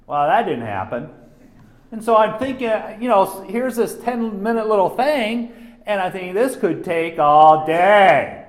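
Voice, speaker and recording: A man teaching an informal sermon from a personal story, animated and halting, swinging between loud emphasis and hushed speech. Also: sits high, roomy sound. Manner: halting, restarts sentences. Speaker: Bible teacher.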